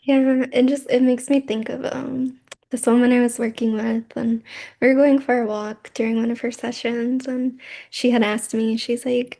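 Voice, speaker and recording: A woman guest on a podcast, a birthworker, talking in a relaxed and thoughtful way. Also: a little high, moderate pace, creaky. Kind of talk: casual conversation.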